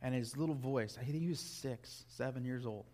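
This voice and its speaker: A man's voice: medium pitch, moderate pace, mellow. An earnest man preaches a sermon in a mid-range voice. He is emphatic and hammers home key phrases by repeating them.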